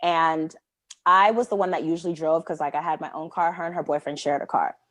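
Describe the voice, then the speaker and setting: Woman, young adult, podcast co-host, casual storytelling, lots of "like", slightly low voice, dry close sound. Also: a little fast, no echo. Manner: animated, many "like" fillers, acts out quoted dialogue.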